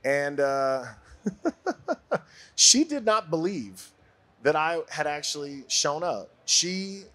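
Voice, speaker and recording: A man in his forties from Brooklyn, a podcast guest telling a story in a casual, animated way and laughing often. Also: fairly high pitch, drawn-out words. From Brooklyn, USA.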